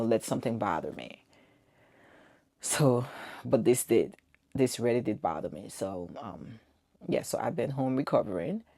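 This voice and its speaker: A woman's voice: a bass voice, gravelly, dark tone, dry recording, clean studio sound. A woman in her forties telling an earnest, emotional personal story to camera, with quoted dialogue. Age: 40s. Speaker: vlogger.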